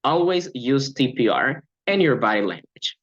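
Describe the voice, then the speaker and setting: Animated man giving a coach training. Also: medium pitch, moderate pace, dull audio. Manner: animated, upbeat, acts out short classroom examples. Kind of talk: training lecture.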